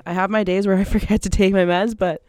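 A woman's voice: medium pitch, flat delivery, fast talker, darkish tone, no echo. Casual woman, chatty and unfiltered, laughs mid-sentence, dry close mic. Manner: rambling, laughs often, swears freely. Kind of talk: casual monologue.

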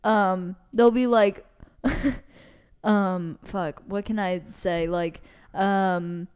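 A woman's voice: mid-range voice, steady tone, very slow, darkish tone, clean tone. A young woman co-hosting a podcast, chatting casually, telling stories with lots of fillers and swearing. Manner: chatty storyteller, swears, many likes and fillers. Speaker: podcast co-host. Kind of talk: casual chat.

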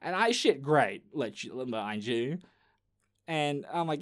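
A man's voice: medium pitch, lively intonation, slow pace, fairly bright tone. Young aussie guy on a podcast, swears a lot, jokey and loose, keeps restarting his sentences. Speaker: podcast host. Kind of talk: casual storytelling chat.

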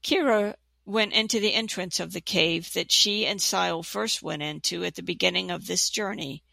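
Gravelly, bright storybook narrator. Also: mid-range voice, normal speed, dry recording. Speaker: audiobook narrator. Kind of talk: storybook reading.

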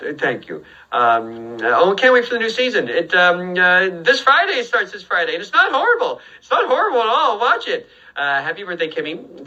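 An older man talks his way through a comic birthday message, joking at his own expense and stumbling over fillers. His voice is very bright and sits a little high for a man. The recording sounds dull and lo-fi. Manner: jokey, self-deprecating, full of fillers and restarts. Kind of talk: rambling comic monologue.

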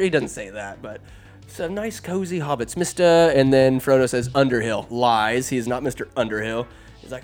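A man recapping a fantasy film in casual, sarcastic commentary, animated and quick to put on voices for the characters. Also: mid-range voice, soft background music. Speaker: movie recapper. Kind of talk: casual comedic movie recap. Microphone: phone or desk mic, recording alone.

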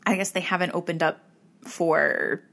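A woman's voice: fairly low pitch, normal speed, creaky. A woman in casual conversation, telling a story animatedly and acting out what people said, with many fillers. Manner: animated, acts out quoted people, frequent likes. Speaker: podcast co-host.

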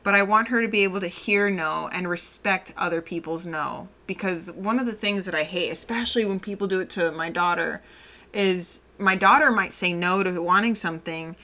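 A woman's voice: fairly low pitch, normal speed, bright, forceful tone. A woman, a mother of a toddler, talking candidly and reflectively in a casual personal monologue, often laughing.

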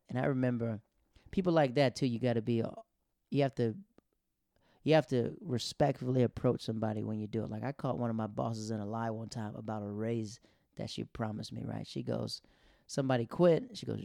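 A man's voice: mid-range voice, fairly even intonation, brisk, creaky, mellow, dry recording, clean studio sound. A male comedian telling work stories in a chatty, casual way, full of fillers.

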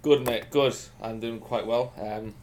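A man's voice: mid-range voice, fairly even intonation, measured pace, darkish tone. A man who is sore after training, chatting easily and upbeat as a podcast co-host. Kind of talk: casual podcast chat.

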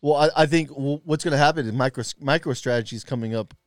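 A man talks quickly in a smooth, clear voice, rambling through casual profane chat with many fillers and restarts. The sound is dry and close. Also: medium pitch, no room sound. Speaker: podcast co-host, rideshare driver.

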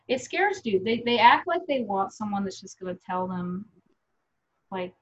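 A woman guest in candid casual chat, telling blunt, profane stories. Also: mid-range voice. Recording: slightly dull lo-fi audio.

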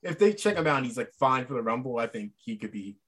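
A man in casual chat, animated and often laughing. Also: medium pitch, fast, slightly rough. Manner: giggly, animated.

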